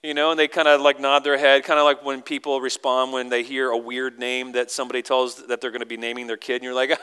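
A pastor preaching a sermon, animated and acting out the crowd's lines in sudden high voices. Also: male voice, fast, hardly any pauses, smooth.

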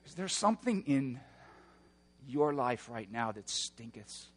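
A man preaching a sermon, moving between hushed, slow passages and loud, roaring emphasis. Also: mid-range voice, sing-song, long reverb tail. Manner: dynamic preaching, swings from hushed to shouting. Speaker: pastor.

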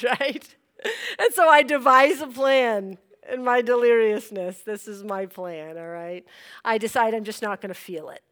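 A young woman telling a personal story in an animated way, acting out her own reactions and laughing as she goes. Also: a little high, moderate pace.

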